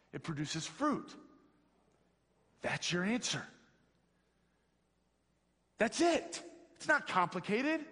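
A man's voice: fairly high pitch, slightly rough. Slangy pastor man in a reverberant hall. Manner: casual slangy, animated, talks to the audience. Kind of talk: youth sermon.

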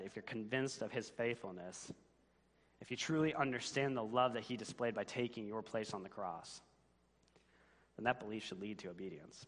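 A man's voice: medium pitch, a bit bright. A man preaching a sermon as pastor, earnest and building to emphatic questions. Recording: long reverb of a church hall.

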